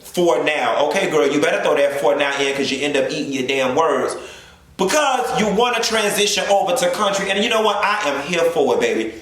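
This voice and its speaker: A high-voiced man, sassy and flamboyant, ranting through a profane comedic recap of a reality show. The sound is very echoey, as if spoken in a bare room. He throws in drawn-out asides and mock sermons as he talks. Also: animated, a bit bright. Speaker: reality TV commentator.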